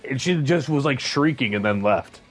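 A man's voice: mid-range voice, animated, moderate pace, music in the background. A man in casual chat, adding dry, teasing asides and acting out others.

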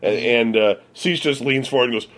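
A man's voice: medium pitch, brisk, a bit bright. A man from the US Midwest telling a rambling, profane story among friends, full of fillers. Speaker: podcast regular.

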